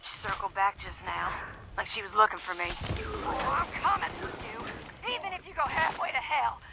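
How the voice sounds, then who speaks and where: A gravelly, bitter huntress. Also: female voice, a little high, animated, moderate pace. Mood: determined. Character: bitter woman hunter stalking a beast. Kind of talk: game audio log. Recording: loud background noise.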